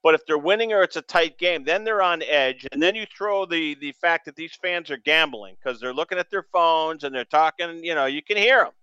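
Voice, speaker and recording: A man from New England hosting a sports radio show, rambling excitably with stammering restarts. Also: a little high, a little fast, few pauses, smooth, dry recording, lo-fi sound.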